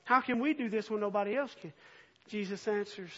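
A man preaching a sermon, moving from quiet scripture reading to earnest, impassioned appeals. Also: high-pitched, brisk. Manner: earnest, swells from soft reading to impassioned near-shouting. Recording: dull lo-fi recording.

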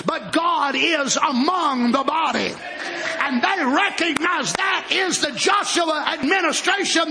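A man preaching a sermon in a fervent manner, often shouting. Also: very high-pitched.

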